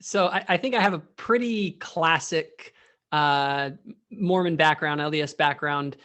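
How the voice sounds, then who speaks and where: A man answering interview questions as a guest, in a relaxed, matter-of-fact way with small restarts. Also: on the high side, unhurried.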